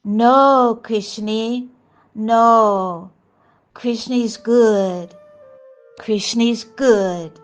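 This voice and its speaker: A woman voicing a kind, gentle elderly male guru who speaks soothingly. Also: fairly high pitch, drawn-out words, long pauses, faint music behind. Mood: reassuring. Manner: soothing and reassuring.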